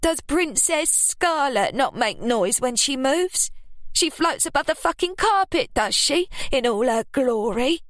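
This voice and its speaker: A woman's voice: fairly high pitch, a little slow, no echo, clean studio sound, pitched above the performer's own voice. A woman voicing a hostile, petulant young woman who sneers and speaks with sarcasm. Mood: sneering.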